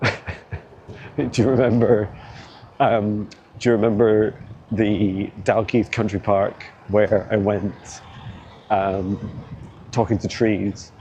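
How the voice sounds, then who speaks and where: A man's voice: lowish voice, steady tone, slow, pauses often, darkish tone, a little hiss or hum. A man rambling casually while walking outdoors through city streets, filming on a handheld phone, chatty and laughing often. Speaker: vlog host. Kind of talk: walking tour vlog.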